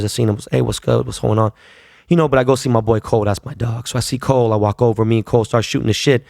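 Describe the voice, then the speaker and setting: A man hosting a podcast, telling a story in a loose, profane, animated way. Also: on the low side, creaky, dry recording, clean studio sound. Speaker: podcast host. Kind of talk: casual storytelling.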